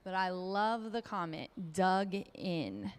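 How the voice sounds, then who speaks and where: A woman's voice: fairly low pitch, lively intonation, slow pace. A woman working as a racetrack handicapper, giving a chatty, upbeat race preview with frequent ums.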